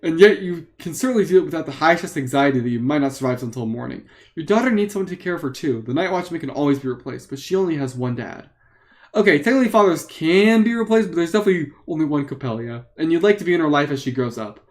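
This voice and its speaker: Higher-pitched man reading a story aloud. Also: lively intonation, fast talker. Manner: playful, joking asides. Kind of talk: live reading of an interactive book.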